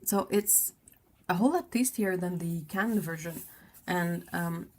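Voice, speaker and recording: A woman's voice: on the low side, measured pace, warm tone. A woman hosting a casual livestream, chatting in a rambling way with lots of fillers. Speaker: livestream host.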